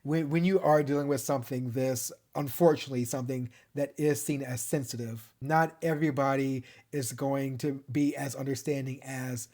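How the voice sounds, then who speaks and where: A man's voice: mid-range voice, fairly even intonation, normal speed, few pauses, dark tone. A man recapping and reviewing a TV show in a casual, gushing way, laughing often.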